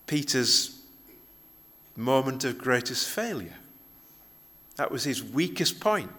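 A man's voice: medium pitch, sharp tone, slightly rough. A male pastor giving a conversational sermon, often restarting his phrases as he explains a Bible passage.

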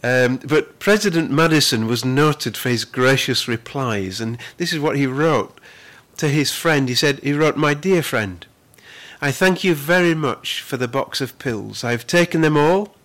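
A male pastor delivers a sermon at a middle pitch, sounding earnest and conversational with a fairly bright tone. He often repeats words while collecting his thoughts, and he slows way down to emphasize the scripture he quotes.

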